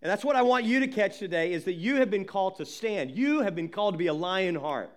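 A man preaching a sermon as pastor, emphatic and animated, often repeating words as he builds. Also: sits high, fast talker.

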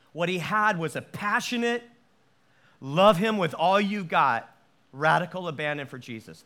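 A man preaching a sermon with a notably high voice. He delivers it animatedly, restarting phrases and acting out the quotes he tells. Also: bright, forceful tone. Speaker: pastor.

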